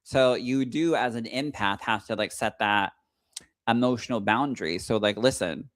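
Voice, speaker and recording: Brief: young adult man, chatty podcast co-host, animated storyteller, dry close mic, mid pitch. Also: moderate pace, no echo. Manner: animated storyteller, acting out quoted lines. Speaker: psychic medium and podcast co-host. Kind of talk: casual chat.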